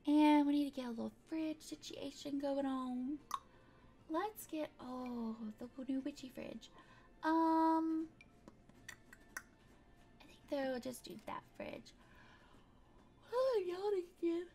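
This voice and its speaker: A gaming creator plays a building game and offers casual, chatty commentary, thinking out loud and throwing in playful sound words. Her voice sits high with a dark tone, and she speaks slowly with long pauses.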